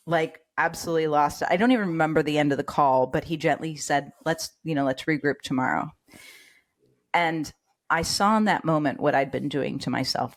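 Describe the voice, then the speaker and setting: Guesting on a podcast, this middle-aged woman, who works as a nurse and educator, shares her own story in a low voice. Her telling is lively, with quoted voices performed aloud.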